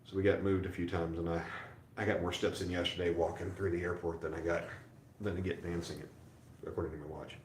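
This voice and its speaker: A man's voice: low voice, flat delivery, fast, echoey room, slight background noise. A tired, sore middle-aged man chatting casually on a livestream from a hotel room, rambling and self-deprecating with lots of fillers. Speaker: livestream host. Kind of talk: casual rambling live chat.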